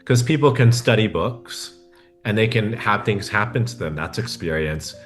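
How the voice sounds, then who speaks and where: A man's voice: lowish voice, animated, normal speed, faint music behind. A man as a podcast guest, talking reflectively and often checking in with the listener. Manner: reflective, often adds a tag question. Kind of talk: conversational interview.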